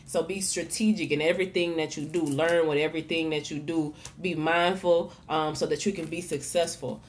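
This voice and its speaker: A woman with a fairly low voice gives a casual tarot reading as a vlog. She talks in a frank, swearing, encouraging way and keeps restarting her phrases. A faint noise sits under her voice. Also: fairly even intonation, normal speed. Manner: loose, repeats and restarts words. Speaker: tarot reader and vlogger. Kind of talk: casual motivational tarot talk.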